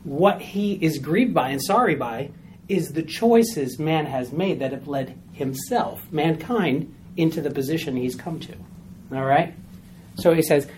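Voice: mid-range voice, moderate pace, darkish tone, slight background noise. A Bible study teacher explaining a passage step by step to a small group, repeating key points and often asking "all right?" to check in.

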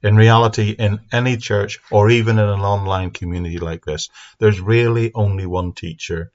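A man giving an earnest, steady Bible teaching talk into a microphone for an online audience. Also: lowish voice, normal speed, hardly any pauses. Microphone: speaking into a mic. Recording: dull lo-fi sound.

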